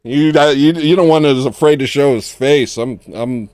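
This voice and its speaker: A man's voice: medium pitch, normal speed, a little mellow, dry recording. A man hosting a livestream, joking casually and slipping into put-on slang. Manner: jokey, slips into put-on British slang. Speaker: livestream host. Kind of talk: casual comedic banter.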